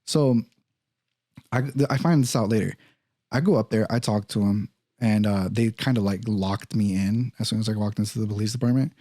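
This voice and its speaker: A young man in casual podcast talk, telling a personal story in a profane, animated way and acting out the other people's lines. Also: on the low side, normal speed, dry recording, studio quality. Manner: profane, animated, acts out quoted voices.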